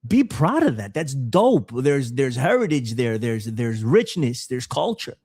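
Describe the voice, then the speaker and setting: A man's voice: mid-range voice, very animated, a little slow, a little mellow, breathy edge, no echo. A man from the Bronx with a New York accent, chatting casually and animatedly on a podcast, swearing freely and often repeating words. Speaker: podcast guest. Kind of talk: casual chat.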